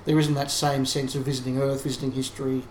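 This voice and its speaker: His medium-pitched, darkish voice is flat and quick as he co-hosts a relaxed podcast conversation, reasoning through points analytically and frequently starting over. The room sounds open, with light hiss.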